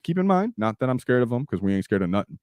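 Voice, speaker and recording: A man's voice: mid-range voice, very animated, quick pace, darkish tone, smooth, no room sound. An American man hosting a casual live stream, chatty and reading viewer comments.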